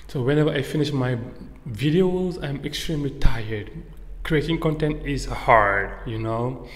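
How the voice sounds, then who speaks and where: A man teaching slang in a casual lesson, switching between French and English and acting out example phrases with drawn-out words. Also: mid-range voice, expressive, fairly bright tone. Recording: echoey room with long reverb.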